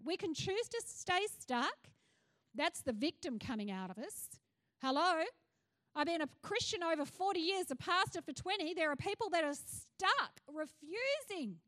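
A woman's voice: extremely high pitch, animated, moderate pace, fairly bright tone. A middle-aged woman pastor with an Australian accent, preaching a passionate sermon that rises to fervent cries.

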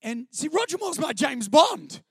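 A middle-aged man with a New Zealand accent tells his story from a church stage in an animated, self-deprecating style. His voice sits fairly high for a man. The sound is close and dry, with little room echo. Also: a little slow, creaky. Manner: animated, self-deprecating, chatty, often laughing. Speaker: guest speaker on a church stage. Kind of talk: personal testimony storytelling to a live audience. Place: stage before a live audience.

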